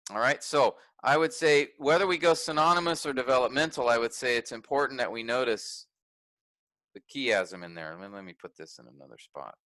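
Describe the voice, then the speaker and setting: Man teaching a workshop, bright tone. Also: medium pitch, brisk, dry recording, low-quality recording. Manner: conversational, thinks aloud with restarts and fillers.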